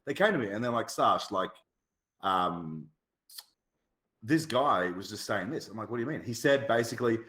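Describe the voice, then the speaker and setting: A man's voice: fairly low pitch, expressive, moderate pace, long pauses, sharp tone, echoey room. An Australian man telling stories in casual podcast chat, swearing freely and laughing often. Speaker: podcast guest, guild shot caller.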